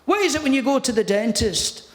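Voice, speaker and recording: A man impersonating a sweary, quick-witted older Scottish man telling jokes with a Scottish accent, wry and dry. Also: extremely high pitch, expressive, fairly bright tone, reverberant. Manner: sweary, wry, punchline delivery.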